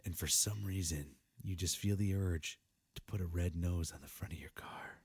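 A man's voice: low-pitched, normal speed, breathy edge, no echo. A man co-hosting a podcast in casual chat, ranting animatedly and cracking crude jokes. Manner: crude jokes, animated rants, swears freely. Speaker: podcast co-host.

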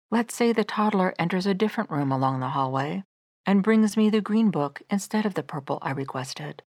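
A middle-aged woman narrating her own devotional book in a gentle, measured, earnest reading. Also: fairly low pitch, no room sound, studio quality.

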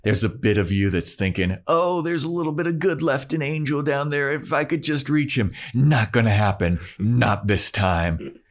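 A man voicing a cruel, mocking male vampire who taunts his victim with a slow drawl. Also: mid-range voice, voice pushed up, lightly acted. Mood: taunting.

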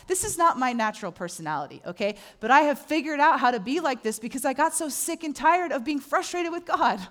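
A middle-aged woman preaches a sermon as a pastor. Her delivery is animated, and she acts out the voices of the people she quotes. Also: fairly high pitch, a little fast.

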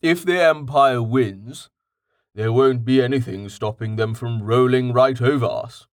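Male narrator as patient, well-read companion, matter-of-fact, mid-pitched. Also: measured pace, dry recording, clean studio sound, natural voice. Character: patient man, well-read, calmly explaining.

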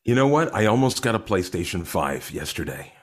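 Male comedian guest, slightly low voice with lively pitch, chatty storyteller who acts out quotes. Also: fairly quick. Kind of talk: casual conversation.

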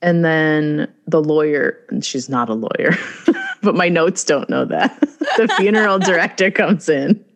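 A woman's voice: deep voice, very animated, a little slow. A woman co-hosting a casual podcast chat, recapping a movie and laughing often as she talks. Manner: giggly, laughs often while talking. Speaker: podcast co-host.

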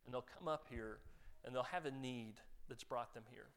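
A man's voice: medium pitch, normal speed, fairly bright tone. A man pastor giving a conversational sermon, joking with his congregation.

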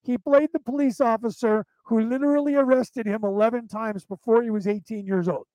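A man from central California with a Southern drawl and Boston touches, hosting a podcast in fast, rambling casual talk full of fillers. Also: very high-pitched, fairly even intonation, mellow, dry recording, poor audio. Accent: American with Southern drawl and Boston touches. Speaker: podcast host.

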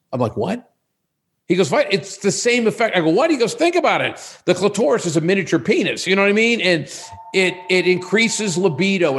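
A man in his sixties talks as a guest on a podcast, his voice sitting a little high for a man. He tells stories in a casual, animated way, slipping into the voices of the people he quotes. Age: 60s. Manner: animated storyteller who acts out quoted dialogue. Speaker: guest, sexual wellness business owner.

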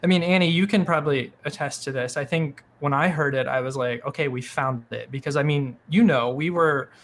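Slightly high-voiced man in chat. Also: brisk, a bit bright, slight background noise. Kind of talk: casual panel chat.

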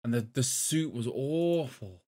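A man's voice: medium pitch, expressive, unhurried, dark tone. A man, a podcast co-host in casual chat, rambling with lots of fillers. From Europe. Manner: rambling, full of "like" and "um".

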